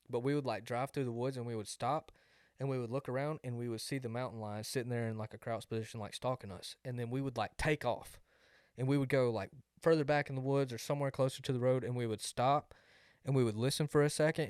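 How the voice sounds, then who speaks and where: A man's voice: mid-range voice, darkish tone, no room sound, clean studio sound. A young man, co-hosting a podcast and telling a rambling story that leans on "like". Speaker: podcast co-host. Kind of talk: casual chat.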